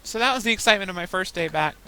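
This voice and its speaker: A woman's voice: mid-range voice, expressive, very fast, bright, forceful tone, smooth, low-quality recording. A young woman in casual chat while playing a game, telling rambling stories with frequent laughs. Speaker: gaming podcaster.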